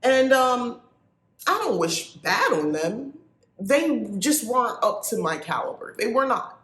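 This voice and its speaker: A woman in her forties with a nasal South Jersey accent, telling a story to her podcast listeners in a chatty, animated way. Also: fairly high pitch, unhurried. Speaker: podcast host. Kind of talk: casual storytelling monologue. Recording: echoey room.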